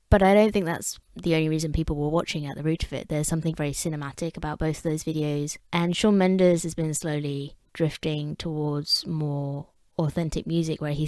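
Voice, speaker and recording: A woman's voice: deep voice, dark tone, dry recording. A woman with an English accent talking to camera in a wry, chatty vlog with self-deprecating asides. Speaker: vlogger. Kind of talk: casual talking-head commentary.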